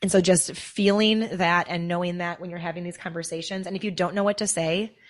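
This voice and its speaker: A young woman, a guest on a podcast, speaks with heartfelt earnestness and is close to tears. Her voice sits slightly low for a woman, warm and sincere in how she phrases things. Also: steady tone, fairly quick. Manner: earnest, heartfelt, emotional storytelling. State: tearing up. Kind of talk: conversational interview.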